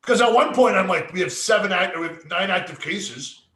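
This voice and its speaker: In an echoey room, a man with a high, pushed, bright voice and lively intonation speaks at a moderate pace. He's a podcast co-host telling stories casually, swearing a lot and performing the quotes.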